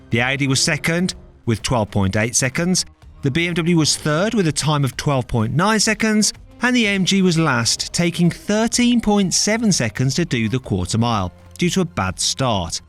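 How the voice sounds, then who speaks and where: A man delivers a scripted voice-over recap in a slightly high voice. His pitch moves lively through each line, and faint music plays behind him. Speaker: voice-over narrator. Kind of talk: scripted narration.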